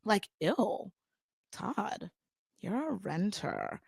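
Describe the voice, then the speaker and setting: A woman's voice: medium pitch, wildly swooping pitch, drawn-out words, vocal fry, breathy edge, no room sound. Sassy woman dishing reality TV gossip. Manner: sassy, dramatic, acts out quotes in voices. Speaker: reality TV recap host. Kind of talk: casual gossip recap.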